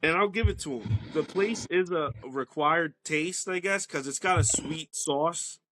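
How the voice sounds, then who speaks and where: A man's voice: on the high side, animated, measured pace, a bit bright, no echo. A man chatting casually as a podcast guest, rambling loosely with lots of "like" and swearing.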